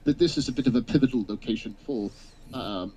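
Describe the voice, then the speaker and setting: A man's voice: mid-range voice, warm tone, slightly rough, dull audio, close to an everyday voice. A man voicing a formal, wordy adventurer who halts and restarts as he speaks. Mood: stern. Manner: hesitant, halting, full of restarts. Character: wordy, formal male adventurer making a stiff threat.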